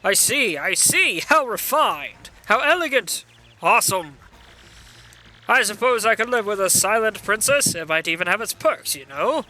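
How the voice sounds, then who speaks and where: A man's voice: high voice, sing-song, a little slow, bright, forceful tone, heavily acted. A man voicing a boastful, blustering turtle king in a fan playthrough of a video game. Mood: smug. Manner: bombastic, blustering.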